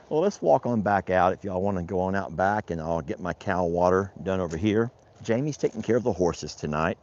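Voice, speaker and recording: The speaker is a man with a deep, slightly mellow voice, a rancher vlogging casually as he does outdoor chores. His narration wanders in a folksy way, he chats to his animals, and the recording is outdoor, dull and lo-fi.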